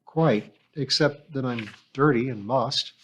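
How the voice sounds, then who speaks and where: A man voicing a poised young society woman, a hostess who asks polite, curious questions in a lifted, bright tone. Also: mid-range voice, slow, slightly rough. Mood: friendly. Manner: polite, bright, gently inquisitive.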